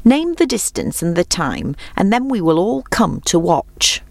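A woman reading a storybook and voicing a brisk, encouraging fox. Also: lowish voice, very animated, gravelly, no echo, heavily acted. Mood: eager. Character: lively fox, organizer of the race.

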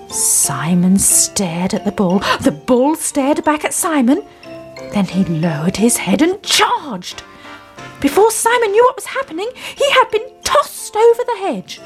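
Expressive woman reading a children's story. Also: on the high side. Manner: expressive, sing-song.

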